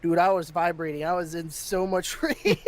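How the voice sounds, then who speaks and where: A man's voice: a little high, steady tone, moderate pace. A man hosting a podcast, telling a story in casual chat and getting heated, with plenty of swearing. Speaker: podcast host.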